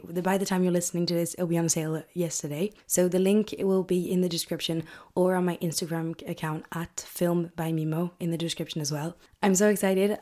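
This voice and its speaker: Chatty young woman, slightly low voice. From England. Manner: chatty and excitable, rambling asides. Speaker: podcast host. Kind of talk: casual solo podcast chat.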